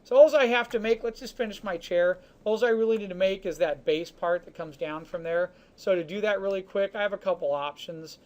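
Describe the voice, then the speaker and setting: A man teaching a 3D modeling class, talking casually through each step of a software demonstration with chatty asides. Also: sits high, fairly quick, hardly any pauses. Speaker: 3D modeling instructor. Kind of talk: live software demonstration lesson.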